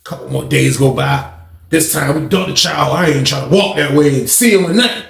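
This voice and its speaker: Man, raised pitch, gravelly, slangy rambling storyteller, echoey room. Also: brisk. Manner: slangy, rambling, acts out shouts. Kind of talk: casual storytime.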